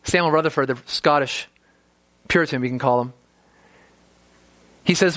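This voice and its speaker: A man's voice: fairly high pitch, normal speed, pauses often, fairly bright tone, no echo. A man preaching an expository sermon, earnest and emphatic, piling up rhetorical questions.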